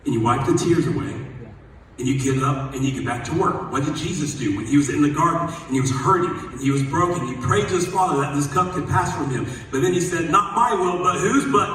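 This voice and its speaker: A man's voice: on the high side, animated, fairly quick, far from the mic, a little hiss or hum. Man preaching in an echoey hall. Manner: storytelling, building to loud emphatic preaching. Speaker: pastor. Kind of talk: sermon.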